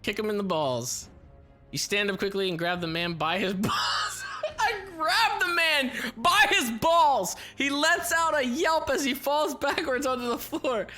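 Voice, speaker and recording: A woman's voice: high-pitched, expressive, unhurried, sharp tone, faint music behind. A woman streamer reading a text adventure aloud and reacting with frequent laughter, swearing and disbelief. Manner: giggly, swears a lot, incredulous reactions.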